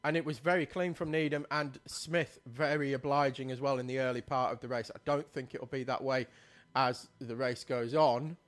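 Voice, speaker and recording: A man's voice: medium pitch, fairly even intonation, normal speed, hardly any pauses. A man giving live commentary on a kart race, reading out positions and talking with a co-commentator. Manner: reads out positions, lifts voice at race start.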